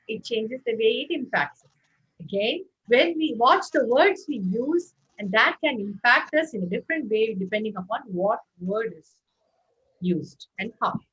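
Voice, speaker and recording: A woman gives an interactive lecture over a video call, her somewhat high, husky voice rising and falling a great deal as she urges listeners to respond. The sound comes through muffled and lo-fi. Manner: animated, coaxing participants to respond. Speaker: speaker leading an online workshop.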